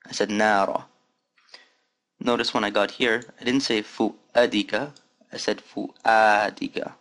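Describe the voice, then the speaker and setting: Patient male teacher, low voice. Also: fairly bright tone. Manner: patient, demonstrates sounds slowly and repeats them. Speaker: Arabic teacher. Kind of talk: recorded language lesson.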